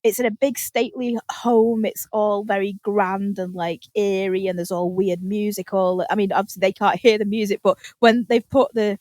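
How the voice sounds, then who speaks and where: A woman co-hosting a podcast in casual chat, telling rambling, animated stories and acting out the quotes. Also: medium pitch, normal speed, few pauses, no echo. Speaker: podcast co-host. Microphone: podcast microphone.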